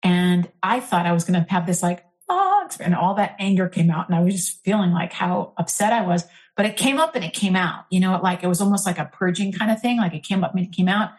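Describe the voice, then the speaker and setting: A middle-aged woman, an interfaith minister, telling a candid personal story in an earnest, animated way, full of fillers. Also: lowish voice, fast, few pauses.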